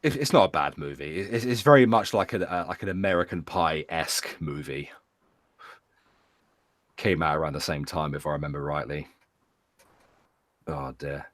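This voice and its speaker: A man's voice: a bass voice, moderate pace, pauses often, no echo. Chatty British man, dry close sound. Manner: rambling, stammering repeats, animated retellings. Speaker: podcast co-host. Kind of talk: casual chat.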